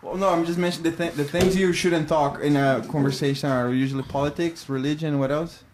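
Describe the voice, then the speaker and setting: A man's voice: on the high side, steady tone, fairly quick, noisy background. A man from Brazil with a Brazilian Portuguese accent, chatting casually and animatedly, often swearing and repeating himself. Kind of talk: casual chat.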